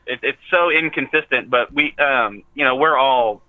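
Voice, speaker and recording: A man's voice: medium pitch, normal speed. A man, chatting casually and swearing freely from his parked car. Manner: laid-back, swears freely. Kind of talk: casual podcast chat. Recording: tinny phone line.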